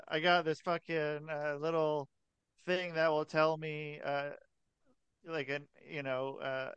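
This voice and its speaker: A man hosts a podcast with loose, laid-back banter full of casual swearing. His voice is fairly high and smooth. The sound is dry and close. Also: fairly bright tone, no room sound, highs cut off. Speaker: podcast host.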